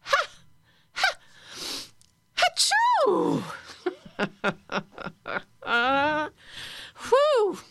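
Middle-aged woman running a laughter class, goofy and upbeat, kinda low voice, dead dry room. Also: creaky, a bit bright, no echo. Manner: playful, bursts into high silly laughs and sneezes. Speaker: laughter yoga leader. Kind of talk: guided exercise class.

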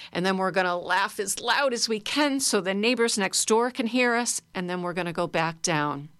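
A woman's voice: mid-range voice, expressive, normal speed, hardly any pauses, fairly bright tone, smooth, no room sound. A woman leading a guided laughter exercise for a group, coaxing and playful. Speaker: laughter yoga leader.

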